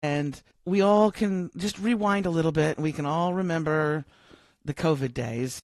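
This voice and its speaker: A woman's voice: sits low, measured pace, no room sound. A middle-aged woman who is a coach and podcast guest, telling a story in casual interview talk and acting out the dialogue as she goes. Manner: lively storyteller who acts out quoted dialogue. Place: home, living in Australia.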